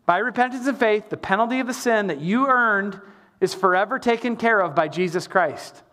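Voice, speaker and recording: A middle-aged man preaching a sermon as pastor, animated, with emphatic repetition and the odd sung line. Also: high-pitched, normal speed.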